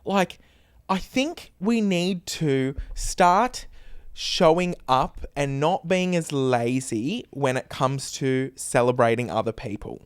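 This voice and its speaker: Animated man telling a story. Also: slow, clean tone, no echo, studio quality. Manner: animated, acts out quotes with big pitch jumps. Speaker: podcast co-host. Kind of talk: casual storytelling chat.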